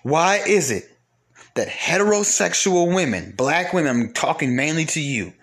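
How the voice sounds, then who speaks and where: A man's voice: fairly high pitch, sing-song, normal speed, fairly bright tone. A man delivering an angry, profane rant to camera, firing off repeated rhetorical questions.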